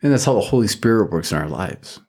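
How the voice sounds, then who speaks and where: A man's voice: deep voice, big pitch swings, quick pace, a little mellow, breathy edge. A man hosting a faith podcast, talking casually and rambling with lots of fillers and restarts. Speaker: podcast host.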